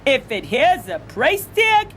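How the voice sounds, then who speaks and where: An insistent male cashier who won't back down, as a woman reading a story puts him on. The voice is high and slow, with laughter bubbling through. Loud noise fills the recording. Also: wildly swooping pitch, exaggerated voice. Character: pushy male store cashier.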